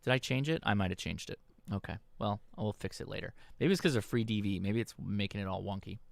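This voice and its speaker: A man's voice: lowish voice, fast talker, vocal fry, no room sound. Man giving a dry, casual radio tutorial. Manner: instructional, checks in with "okay?". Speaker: host. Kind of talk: livestream tutorial. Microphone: desk microphone.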